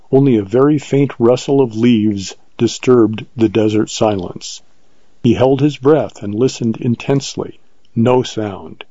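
A man narrating an audiobook with steady scripted storytelling. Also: medium pitch, no room sound, muffled recording.

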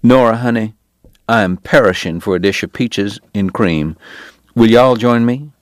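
A male audiobook narrator voicing a sardonic, sickly gentleman with a genteel drawl and cutting wit. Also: fairly low pitch, unhurried, dry recording, close to an everyday voice. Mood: genteel, wry. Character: sardonic consumptive Southern gentleman, a dentist. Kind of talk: audiobook character voice.

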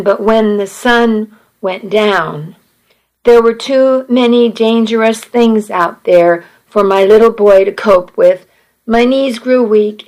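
A woman's voice: medium pitch, darkish tone, rough recording. A woman narrating a first-person story in an earnest, emotional way.

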